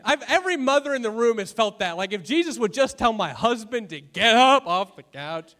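High-voiced joking preacher. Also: male voice, normal speed. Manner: lively and conversational, with joking asides to the congregation; asks the room rhetorical questions. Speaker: pastor. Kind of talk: sermon. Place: church before a congregation.

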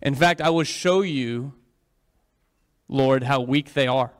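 A preacher acting out a scornful fallen angel. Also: male voice, slow pace, lightly acted. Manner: low, hushed, contemptuous.

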